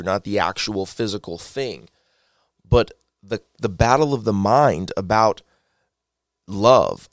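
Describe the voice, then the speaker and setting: A man giving a personal faith testimony, telling his story earnestly and excitably, often repeating words as he gets wound up. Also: fairly low pitch, no room sound, studio quality.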